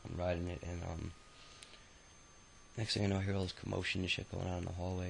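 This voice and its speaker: A man's voice: deep voice, completely flat delivery, fast talker, creaky, pauses often, a little hiss or hum, rough recording. A man in his thirties telling his own life story in a rambling, profane, casual way, full of filler sounds. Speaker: autobiography narrator. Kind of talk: casual spoken memoir storytelling.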